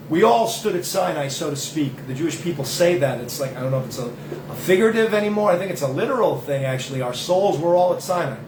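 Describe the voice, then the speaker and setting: Man, slightly high voice, rambling religious talk, self-interrupting, echoey room. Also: a little hiss or hum. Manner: digressive, self-interrupting, folksy. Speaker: host.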